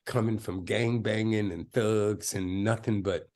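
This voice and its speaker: A man's voice: on the low side, steady tone, unhurried, darkish tone. A man of about seventy, a film director telling a personal story as an interview guest, emphatic and streetwise, often checking in with "right?". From South Side of Chicago. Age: around 70.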